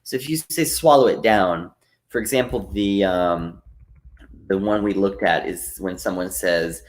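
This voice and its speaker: A man's voice: deep voice, moderate pace. A man teaching a live online lesson, patiently explaining phrasal verbs and reading out chat comments, with frequent "uh" fillers. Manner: reads out and answers chat comments.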